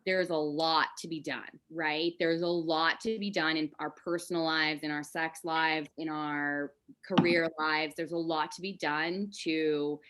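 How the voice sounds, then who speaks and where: A woman's voice: low-pitched, steady tone, measured pace, few pauses, fairly bright tone, smooth. A woman as a podcast guest, talking candidly and with animation in casual conversation, swearing now and then.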